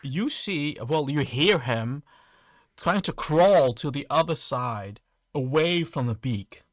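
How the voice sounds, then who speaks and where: A man's voice: fairly high pitch, expressive, slow, no echo, studio quality. A man running a tabletop game, describing scenes with frequent restarts. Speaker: game master.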